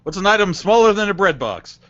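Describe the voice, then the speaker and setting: A man's voice: high voice, sing-song, a little fast, fairly bright tone, dry recording, muffled recording. A man playing a tabletop game, casual and easygoing, asking questions. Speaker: player.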